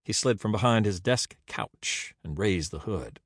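A man narrating an audiobook in an expressive, dramatic reading. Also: fairly low pitch, unhurried, breathy edge, dry recording, clean studio sound.

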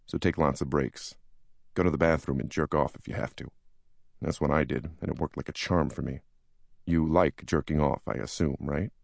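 A man doing a smooth-talking senior broker. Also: rumbling low, fairly even intonation, normal speed, no room sound, studio quality, heavily acted. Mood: conspiratorial. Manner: soothing, conspiratorial, crude. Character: charismatic male senior stockbroker, big and brash.

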